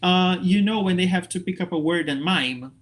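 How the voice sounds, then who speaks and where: A man from Brazil leads an online training session for English teachers over a computer mic. His voice sits a little higher than most men's, and he keeps it upbeat and lively, checking in with his listeners again and again. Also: normal speed. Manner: lively, upbeat, checks in with frequent okay and right.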